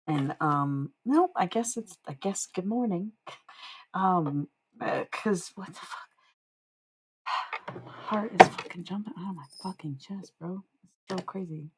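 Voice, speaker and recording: A woman's voice: lowish voice, lively intonation, measured pace, slight background noise, low-quality recording. A woman live-streaming casual spiritual readings, rambling and swearing freely as she answers chat.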